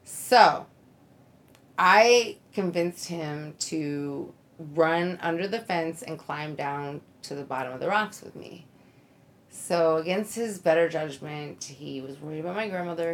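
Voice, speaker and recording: Woman storyteller, slow, lower-pitched, chatty, filler-heavy delivery. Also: a little hiss or hum. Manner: rambling anecdote full of likes and ums, laughing. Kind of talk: casual chat.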